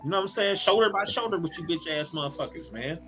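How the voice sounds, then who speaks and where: A man co-hosting a casual comedy podcast, talking in an animated, profane way, laughing often and repeating words as he goes. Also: on the high side, fast, faint music behind. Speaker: podcast co-host.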